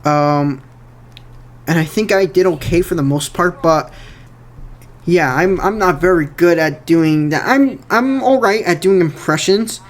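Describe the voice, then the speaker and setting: A man's voice: fairly high pitch, a little slow. Rambling young man giving casual commentary. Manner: rambling, many fillers and repeated words. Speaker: fan filmmaker giving director's commentary.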